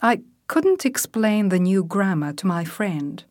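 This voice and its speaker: A woman reading English vocabulary drills aloud as a teacher, saying each word and example sentence slowly and deliberately. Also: medium pitch, big pitch swings, darkish tone, no echo, clean studio sound. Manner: clear, deliberate word-by-word enunciation.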